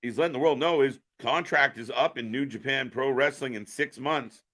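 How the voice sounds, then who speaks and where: A man's voice: medium pitch, moderate pace, a bit bright. A man hosting a live reaction stream, giving opinionated, profane commentary.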